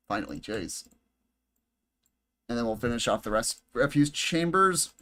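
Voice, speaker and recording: A man's voice: mid-range voice, lively intonation, unhurried, long pauses, bright, forceful tone. A man commenting casually on his live game stream, chatty and joking with his viewers, talking into a headset at home. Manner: chatty, jokey, talks to chat and himself. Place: home room with air conditioning and bright lights.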